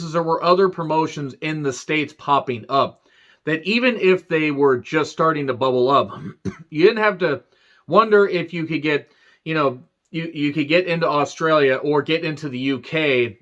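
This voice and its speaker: A man's voice: medium pitch, a bit bright, dull audio. A man giving a casual, rambling review rant, sarcastic and full of swearing. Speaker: wrestling show reviewer.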